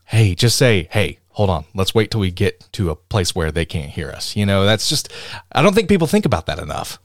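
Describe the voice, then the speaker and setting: A podcast co-host with a deep voice rants emphatically in a casual chat, very animated and fairly quick, swinging between loud and soft. The studio sound is clean, with no echo.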